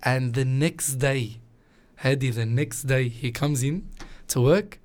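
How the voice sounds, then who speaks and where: Man, religious teacher, earnest, animated storytelling. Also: medium pitch, takes it slowly. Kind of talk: casual religious chat.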